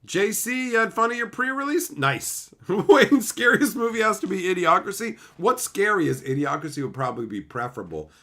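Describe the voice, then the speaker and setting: A man's voice: sits high, normal speed, few pauses. A man streaming casually, reading chat and ranting, with frequent swearing and voiced impressions. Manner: animated, swearing, mimics others.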